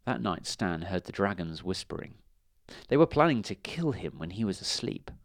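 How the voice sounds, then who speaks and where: A man reading a children's storybook aloud, expressive with dramatic pauses. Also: low voice, no room sound, studio quality.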